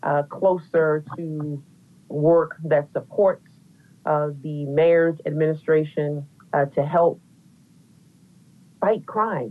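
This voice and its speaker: A woman's voice: sits low, fairly even intonation, slow pace, pauses often. A woman commissioner testifying at a council hearing, formal and emphatic. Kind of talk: public testimony. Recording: tinny phone-line audio.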